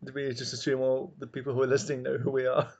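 A man co-hosting a podcast from home, bantering in a playful, deadpan way. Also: medium pitch. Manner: playful, deadpan, quick to laugh. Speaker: podcast co-host. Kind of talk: casual comedic banter. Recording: dull lo-fi home recording.

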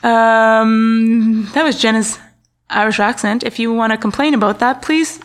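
A woman's voice: a little high, fairly even intonation, measured pace. A woman co-hosting a podcast, casually recounting a true-crime story with wry asides and stumbles over names. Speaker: podcast co-host.

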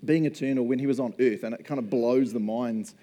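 A man's voice: mid-range voice, fairly even intonation, brisk, mellow. A man with a New Zealand accent preaching a casual, conversational sermon, chatty and joking as he talks. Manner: chatty, joking, often laughing.

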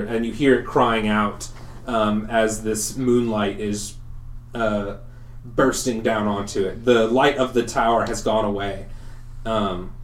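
A young man narrating as game master, in a halting way with many pauses and fillers. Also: mid-range voice, reverberant. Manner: halting, full of ums and likes.

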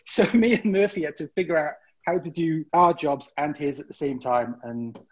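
Lively and profane, a British former cruise crew member relates a tale from the ship while mimicking his colleagues. His voice is fairly high at an ordinary pace, on dull audio carrying a bit of hiss or hum.

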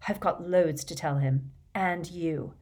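A woman's voice: sits low, slow, a little mellow, exaggerated voice. A woman voicing an earnest teenage boy. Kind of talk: audiobook character voice.

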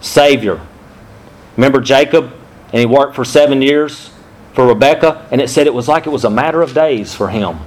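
A pastor preaches a sermon on marriage to men, teaching from a diagram and putting direct questions to his listeners in a conversational style. His voice is medium-pitched at a moderate pace, and the audio is poor.

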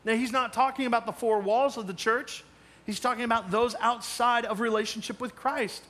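A male pastor preaching a sermon, emphatic, moving between loud challenges and quiet asides. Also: very high voice, fairly even intonation, moderate pace.

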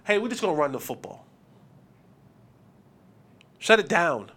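A man hosting a sports podcast, giving opinionated commentary in an animated, preachy way and acting out quotes. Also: a little high, a little slow, slightly rough.

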